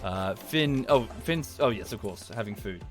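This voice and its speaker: A man's voice: fairly low pitch, expressive, normal speed, over music. A man, streaming from home and ranting about a TV series in a casual, rambling way, swearing, trailing off and restarting his sentences. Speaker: livestreamer. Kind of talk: casual livestream rant.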